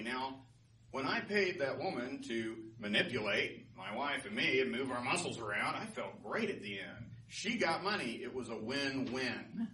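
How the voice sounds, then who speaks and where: A man with a medium-pitched voice that sounds pushed and bright tells stories to a live class as a storytelling teacher, chatting casually and often checking in with his listeners. The mic is distant in a roomy space with faint noise.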